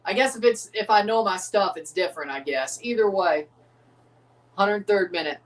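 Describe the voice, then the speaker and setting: A man's voice: high-pitched, moderate pace, recorded from a distance. An American man, chuckling and rambling through casual live commentary while reacting to a soccer match. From United States.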